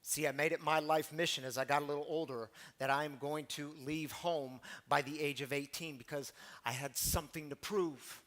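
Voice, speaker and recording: Animated storytelling pastor, higher voice. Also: male voice, moderate pace. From Missouri. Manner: conversational, animated storytelling, with asides to the congregation. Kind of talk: storytelling sermon.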